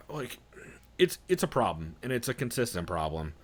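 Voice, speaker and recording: A man's voice: on the low side, sing-song, measured pace. Blunt, rambling male podcast host. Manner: blunt, swears freely, rambling with restarts. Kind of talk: casual podcast chat.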